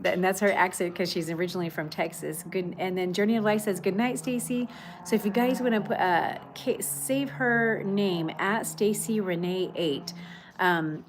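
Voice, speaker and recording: A woman's voice: mid-range voice, slight background noise. A woman hosting a casual livestream from her patio, chatting and reading viewer comments aloud. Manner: chatty, warm greetings, many fillers. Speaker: livestream host. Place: outdoor patio at home.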